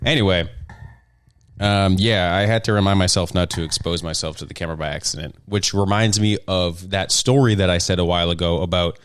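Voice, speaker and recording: Low-voiced rambling jokey young man. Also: fairly even intonation, brisk, smooth, dry recording, studio quality. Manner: rambling, jokey and self-deprecating. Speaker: podcast host. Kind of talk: casual solo podcast chat.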